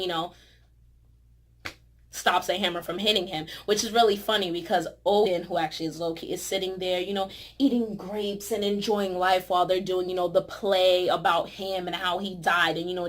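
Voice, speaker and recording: A woman talking casually and excitedly in a vlog review, filling her talk with "you know" and "like". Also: mid-range voice. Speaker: movie reviewer.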